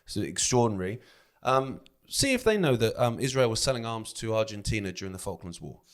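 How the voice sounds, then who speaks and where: A man co-hosting a news commentary show, chatty, with quick interjections. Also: fairly low pitch, big pitch swings.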